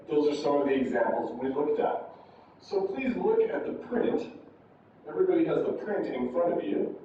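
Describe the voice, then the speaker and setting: A man teaching a university English class, giving patient step-by-step instructions and acting out exaggerated high and low intonation examples. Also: big pitch swings, normal speed, warm tone, a little hiss or hum. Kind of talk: classroom lesson. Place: large classroom. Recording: roomy, distant, dull classroom audio.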